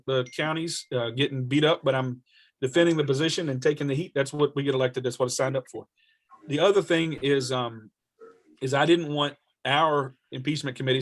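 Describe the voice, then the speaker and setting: A state representative with a mid-range voice answers questions on a video call. He tells stories earnestly but restarts his sentences often.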